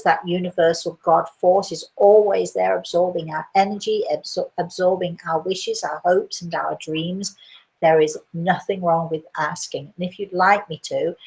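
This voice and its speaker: An older woman talks in a low, soothing voice as she answers listeners' questions like a medium. She rambles gently, circling back with fillers and restarts. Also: low-quality recording. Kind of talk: casual live chat.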